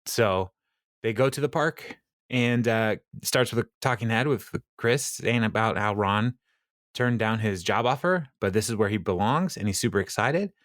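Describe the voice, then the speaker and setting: Low-voiced man recapping a sitcom. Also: normal speed, a bit bright, dry recording, clean studio sound. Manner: rambling, laughs often, acts out quotes. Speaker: podcast co-host. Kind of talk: casual recap chat.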